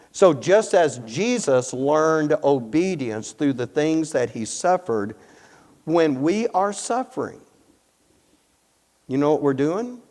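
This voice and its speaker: A man's voice: medium pitch, a little mellow. A man with a Texan accent teaching a sermon, earnest and storytelling, often repeating words as he restarts. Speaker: Bible teacher. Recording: long reverb in a hall.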